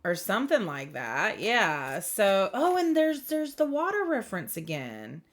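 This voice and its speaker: This woman speaks at mid pitch, taking her time while her intonation swings widely. Filmed up close in a brightly lit room, she gives an informal spiritual reading, wandering from thought to thought, laughing a lot and interrupting herself.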